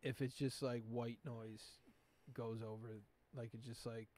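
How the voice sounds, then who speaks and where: A man talking loosely as a podcast host, his speech full of fillers and swearing. His voice sits at a middling pitch, and the talk drifts from thought to thought in an easygoing, unscripted way. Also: little pitch movement, a little slow, darkish tone. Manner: rambling, profane, heavy filler words. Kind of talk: casual chat.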